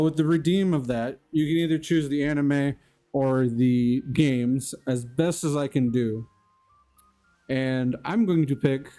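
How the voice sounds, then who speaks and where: A man's voice: medium pitch, dark tone. A man streaming live, chatting casually and answering viewers' comments.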